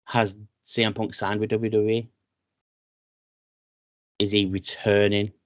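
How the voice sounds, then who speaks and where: A British man co-hosting a casual wrestling podcast, chatty and excitable, often saying "mate". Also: lowish voice, takes it slowly, no room sound. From Britain. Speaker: podcast co-host.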